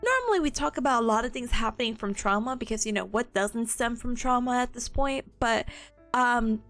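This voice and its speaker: A high-voiced young woman with a hoarse, worn-out voice talks through her study notes. She is bubbly and chatty and giggles easily. Faint music plays in the background. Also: expressive, brisk, a bit bright. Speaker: streamer reviewing study notes. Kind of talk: casual study stream.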